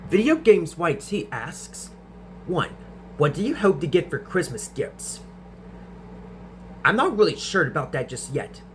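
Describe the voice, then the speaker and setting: A young man with a slightly high voice answers viewer questions in a casual vlog. He stumbles, repeats words and restarts his sentences as he goes, over a faint steady hum. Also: measured pace, long pauses. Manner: stutters and restarts sentences often.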